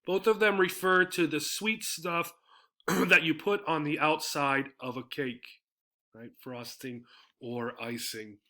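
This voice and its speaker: Bright-voiced man teaching English words. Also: a little high, fairly even intonation, takes it slowly. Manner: explanatory, frequent tag "right?" checks. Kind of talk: slide-based vocabulary lesson.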